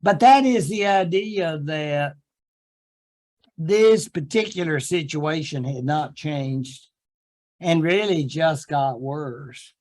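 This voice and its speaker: A man's voice: on the high side, lively intonation, slow, darkish tone, rough recording. An older man with a Southern US accent giving a history lecture to a classroom, chatty and humorous with folksy asides. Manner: chatty and humorous, acting out quotes in silly voices. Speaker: history professor. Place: classroom with students.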